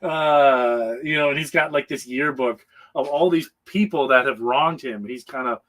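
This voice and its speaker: A man's voice: mid-range voice, moderate pace, fairly bright tone, low-quality recording. Rambling man recapping a comic. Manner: rambling, full of hesitations, chuckles often. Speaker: comic book panelist. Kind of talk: casual comic book recap.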